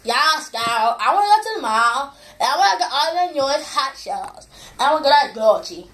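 A woman's voice: high-pitched, sing-song, moderate pace, fairly bright tone. A woman doing a gushing mall-loving girl. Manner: bubbly, gushing. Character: shopping-obsessed valley girl, bubbly. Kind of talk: comedic voice impression.

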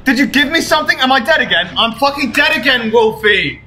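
A young man streaming a horror game live, excitably swearing and yelling at his teammates. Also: very high-pitched, fairly quick, a little hiss or hum. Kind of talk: live gameplay commentary.

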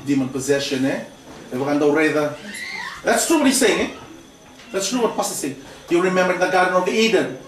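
In a church hall, a man preaches to a mission training, repeatedly tossing in "praise the Lord" and "eh?". He is high-pitched with lively intonation, fast but pausing often. Through a far-off mic the room echoes, with a little hiss or hum.

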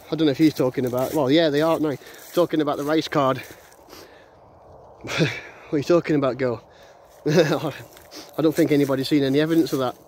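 A man with a slightly high voice gives a blunt, rambling rant, tripping over restarts and chuckling as he goes. He records on a hand-held phone while walking outdoors in the countryside, with a faint hiss of outdoor noise behind him. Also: a little mellow. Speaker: vlogger. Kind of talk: casual ranting monologue.

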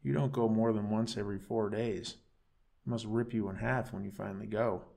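A man's voice: lowish voice, fairly even intonation, moderate pace, vocal fry, darkish tone. A man doing Gary, a sneering raccoon. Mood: mocking. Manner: sneering, taunting. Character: mocking male raccoon turning human, menacing.

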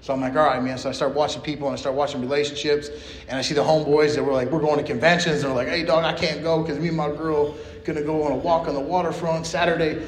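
Fast-talking and blunt, a man gives a personal share at a recovery meeting, full of profanity and street slang. His pitch is on the high side with fairly even intonation, captured in an echoey meeting room with a little hiss or hum.

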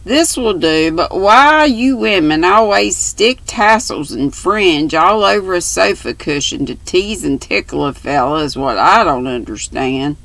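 A woman voicing a lazy, teasing young man from college, with a slow drawl and a gravelly edge. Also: fairly low pitch, lively intonation, a bit bright, no echo, full character voice.

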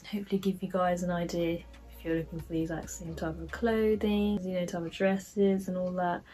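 A woman's voice: lowish voice, flat delivery, brisk, mellow, faint music behind, rough recording. A young woman chatting casually through a clothing try-on haul vlog, with lots of fillers. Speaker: fashion vlogger.

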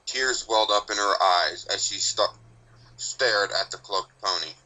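Guy reading a fan story aloud, low voice, super bright tone, steady pace. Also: unhurried, poor audio. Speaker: narrator. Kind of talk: scripted narration of fan fiction.

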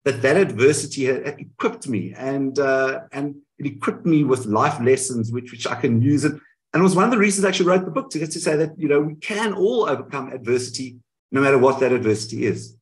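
A South African man, a guest on an online interview, telling his story in a halting way with many restarts. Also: medium pitch, lively intonation. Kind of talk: conversational storytelling.

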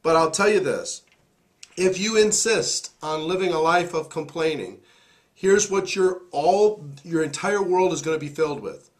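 A man with a hoarse, worn voice leads a motivational talk as host. He speaks in a fairly high register and presses each point in a preachy, emphatic way. It sounds like a studio mic. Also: animated, measured pace. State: hoarse, recovering voice.

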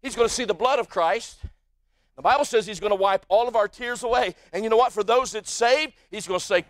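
A male pastor with an American accent preaching a sermon in a church, swinging from quiet asides to shouted peaks. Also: extremely high pitch, animated, quick pace, dry recording. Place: church sanctuary.

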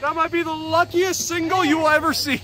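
A man vlogging his softball game outdoors, giving excitable, jokey play-by-play and cheering teammates on by nickname. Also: extremely high pitch, brisk, a loud crowd.

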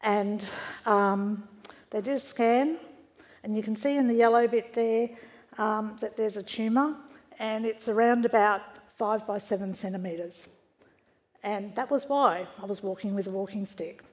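A woman's voice: mid-range voice, fairly even intonation, unhurried, a little mellow. A woman, giving a frank, conversational personal testimony to a church congregation, with wry understatement. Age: 60s. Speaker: church member sharing a testimony. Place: church hall before a congregation. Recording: long reverb of a church hall.

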